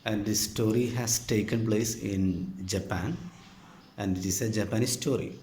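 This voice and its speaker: A man with an Indian English accent, a teacher patiently telling a story to his students step by step, with frequent pauses. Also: on the low side, fairly even intonation, a little mellow. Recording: echoey room with faint ambient noise.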